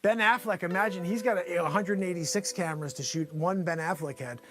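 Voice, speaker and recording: A man hosting an improvised comedy show, parodying a news anchor and riffing on his guests with loose, teasing banter. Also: brisk. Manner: breaks into high-pitched fits of laughter, shouting.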